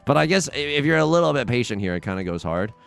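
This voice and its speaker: A young man hosting a let's play, giving excitable, self-mocking commentary on his game that swings from muttering to shouting. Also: medium pitch, quick pace, vocal fry, clear, resonant tone, soft background music. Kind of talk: gameplay commentary.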